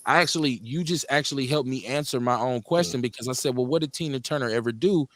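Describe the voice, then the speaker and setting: A man's voice: mid-range voice, fast, fairly bright tone, no room sound. A man hosting a live talk radio show, loose and profane, joking between serious points.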